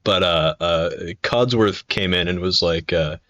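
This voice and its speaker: A man's voice: low voice, measured pace, fairly bright tone, no echo, lo-fi sound. A man in his twenties chatting casually on a live stream, telling rambling, profane stories full of fillers and restarts. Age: 20s.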